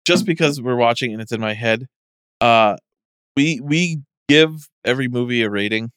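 A man hosts a casual podcast in a relaxed, measured way. His voice is smooth and clear, with a dry close sound. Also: medium pitch, no echo. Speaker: podcast host. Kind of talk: casual chat.

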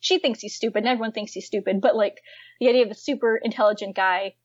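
A woman's voice: mid-range voice, fast, no echo. Giggly young woman, slightly dull sound. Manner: lively, giggly, many fillers. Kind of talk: casual chat about books and films.

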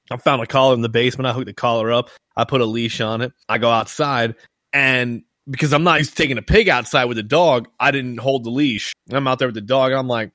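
Casting: fast-paced male podcast host, rambling and foul-mouthed, dry close-mic sound. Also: medium pitch, a bit bright, no echo. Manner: rambling, swears a lot, lots of fillers. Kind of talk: casual storytelling chat.

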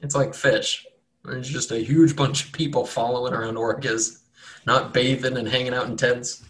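A man's voice: medium pitch, little pitch movement, normal speed, a bit bright, a little hiss or hum. A man narrating as dungeon master for a tabletop game, casual and rambling. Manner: casual, rambling, filler-heavy.

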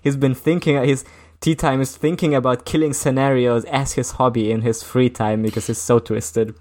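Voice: mid-range voice, little pitch movement, moderate pace, a little mellow. A podcast co-host recapping a book's plot in a loose, rambling way. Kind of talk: casual book club chat.

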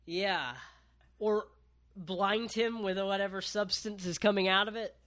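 A man's voice: high voice, fairly even intonation, measured pace, fairly bright tone. A man casually recapping a wrestling match on a podcast, laid-back, with lots of ums and casual swearing.

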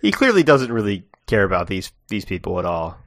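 A man's voice: on the low side, very animated, fairly quick, creaky, a bit bright. A man co-hosting a podcast in casual, laid-back, wry chat. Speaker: podcast co-host.

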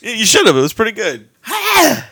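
Lively laughing man, bright voice. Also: high-pitched, racing, no echo. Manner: laughs often, animated storytelling. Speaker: podcast co-host. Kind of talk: casual chat. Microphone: remote call.

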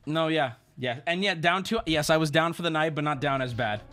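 A man streaming, telling an animated story to his chat and friends, shouting at the high points and dropping low to mimic others. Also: brisk, soft background music. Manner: excitable, shouts at the big moments, drops into gruff voices for others.

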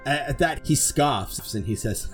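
A man runs a tabletop game as game master. He describes the scene in a loose, casual way with lots of filler words. His pitch moves around in a lively way. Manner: loose, filler-heavy narration.

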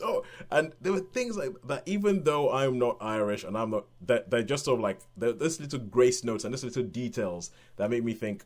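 A man reviewing a film in casual chat, rambling with many restarts and getting animated when excited. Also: medium pitch, brisk, few pauses. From Nigeria. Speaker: film podcast host.

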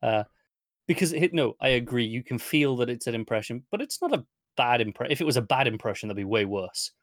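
A man's voice: medium pitch, lively intonation, a little fast, no echo, studio quality. A man from the English Midlands co-hosting a casual TV review podcast, easygoing and hesitant, often restarting his sentences. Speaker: podcast co-host.

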